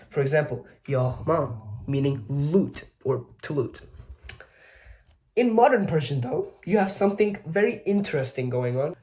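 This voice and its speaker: Speaking with fairly high pitch and a slightly mellow quality, a video essay host offers a casual educational explainer. Expect chatty, self-mocking asides and frequent mid-sentence corrections.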